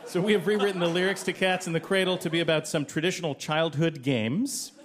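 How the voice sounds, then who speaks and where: A man's voice: fairly high pitch, fairly even intonation, fast talker, crowd noise. A man co-hosting a live quiz show, delivering dry jokes. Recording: live audience clearly heard.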